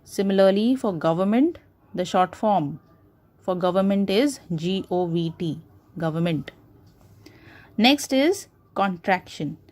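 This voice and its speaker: A woman's voice: medium pitch, animated, unhurried, a little mellow. A woman teacher with an Indian English accent, patiently explaining grammar to schoolchildren with many repeated examples. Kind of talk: classroom grammar lesson.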